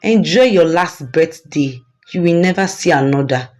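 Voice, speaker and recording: A woman's voice: deep voice, animated, moderate pace, darkish tone, faint music behind. A woman voicing a jealous young woman who sweet-talks her friend while plotting against her. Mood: sinister. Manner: honeyed, then sneering and spiteful.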